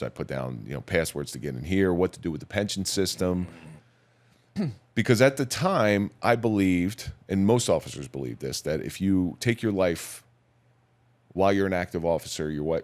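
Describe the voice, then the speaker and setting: Deep-voiced man recounting somberly. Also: darkish tone. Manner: measured, somber, plain-spoken recounting. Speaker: podcast guest, police officer. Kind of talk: personal storytelling in a podcast interview.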